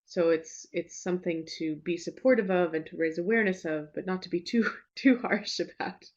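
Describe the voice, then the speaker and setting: Woman giving a relaxed webinar talk. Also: lowish voice, moderate pace. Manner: relaxed, reassuring, with frequent fillers and restarts. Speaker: teacher trainer giving a webinar. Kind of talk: webinar presentation. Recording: slightly dull lo-fi webinar audio.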